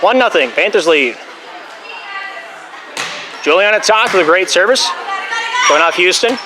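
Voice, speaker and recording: A young man doing volleyball play-by-play in a school gym, calling the plays fast and dropping jokey, rambling asides, a bit out of breath. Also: high-pitched, animated, a crowd in the background, background noise. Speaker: play-by-play announcer. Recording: loud gym ambience.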